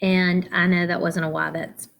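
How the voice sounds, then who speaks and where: A middle-aged woman teaching a children's phonics lesson, slowly and deliberately spelling out letters and syllables. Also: lowish voice, flat delivery, creaky, fairly bright tone.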